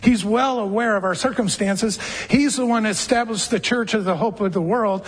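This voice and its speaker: A man preaching a sermon to a church congregation, in a conversational way, softening his voice to act out gentle quoted words. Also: high voice, moderate pace, husky, long reverb tail. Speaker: pastor.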